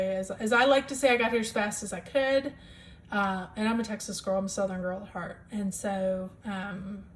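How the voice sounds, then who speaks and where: A woman's voice: mid-range voice, slight background noise. A woman chatting enthusiastically at home about her stitching projects, with lots of ums. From US Midwest. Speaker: cross-stitch vlogger. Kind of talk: casual show-and-tell chat.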